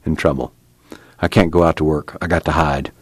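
A man's voice: very deep voice, fairly even intonation, brisk, no room sound, studio quality. A man voicing a battered, weary young farm worker who talks in a drawling rural dialect, his voice straining with grief.

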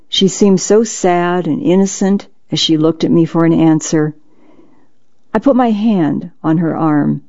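A narrator reading a memoir in a gentle, measured, reassuring way. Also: mid-range voice, highs cut off. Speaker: audiobook narrator.

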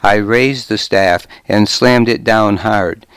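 A man reading a first-person audiobook as narrator, with a grim, measured delivery. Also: on the low side, a bit bright, clean tone, no echo.

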